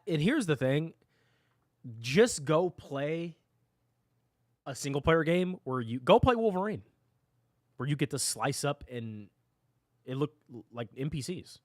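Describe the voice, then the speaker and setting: A man's voice: on the high side, no echo, studio quality. A man streaming a game live, ranting at his chat with mock drama and repeating himself. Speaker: gaming livestreamer.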